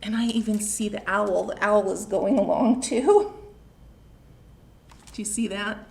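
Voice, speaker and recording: A woman, a children's librarian, reading a picture book aloud at home, slow and expressive, pausing to ask the young listeners questions. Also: mid-range voice, creaky, a little hiss or hum.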